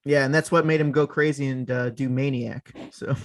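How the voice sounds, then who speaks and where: A man co-hosting a podcast in casual chat, easygoing, often slipping into quick impressions. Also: mid-range voice, steady tone, dry recording. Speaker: podcast co-host.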